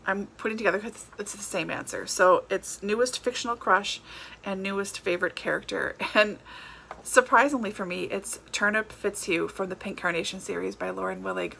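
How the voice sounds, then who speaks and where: A woman's voice: medium pitch, moderate pace, gravelly, pushed and bright, slight background noise. A woman chatting casually about books for her vlog, laughing often and correcting herself as she goes. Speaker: book vlogger. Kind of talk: casual book tag chat.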